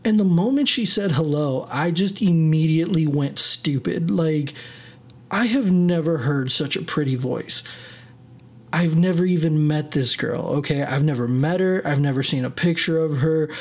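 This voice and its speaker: A man's voice: a little high, normal speed, a little mellow. A man hosting his own podcast, telling a personal story in a rambling, self-deprecating way that keeps drifting off on tangents. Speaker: podcast host. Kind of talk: casual solo storytelling.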